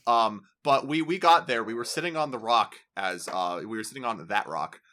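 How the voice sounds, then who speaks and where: A man's voice: mid-range voice, normal speed, noisy background. A young man co-hosting a podcast, telling stories in a casual chat with lots of swearing and laughter. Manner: animated storytelling, swears a lot, laughs into words. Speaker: podcast co-host.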